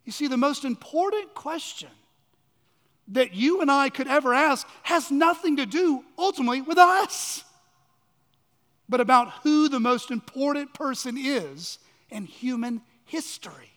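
A man preaching a sermon as pastor, swinging from loud emphasis to hushed, drawn-out lows. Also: lively intonation. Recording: long hall reverb.

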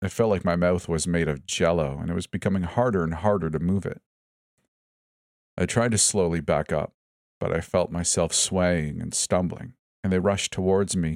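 Deep-voiced man narrating a horror story. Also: a little mellow, dry recording, studio quality. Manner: tense first-person storytelling, voicing each character in turn.

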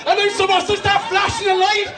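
A man with an Irish accent preaching a sermon to a church, telling jokey stories in an animated way, often laughing as he talks. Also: extremely high pitch, fast, far from the mic, a loud crowd, heavy background noise. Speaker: pastor. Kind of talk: sermon with humorous storytelling. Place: large church hall. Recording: echoey church hall, from off-mic.

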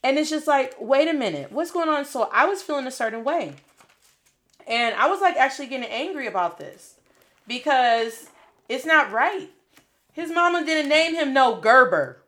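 A young adult woman, a Spanish teacher, giving a casual spoken lesson, animated and slangy, dropping Spanish phrases into her talk. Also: sits high, normal speed.

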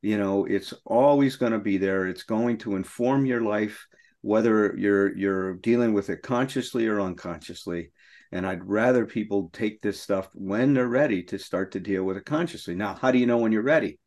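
A man's voice: lowish voice, moderate pace, darkish tone. Middle-aged man, earnest, emotional, personal storytelling, recovery podcast.

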